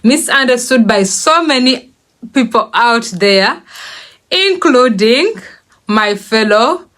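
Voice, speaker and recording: African woman talking slow on her channel, kinda high voice, laughs a lot between bits. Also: animated, fairly bright tone. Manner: laughs often between phrases, slows to stress words. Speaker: channel host. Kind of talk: casual spoken monologue.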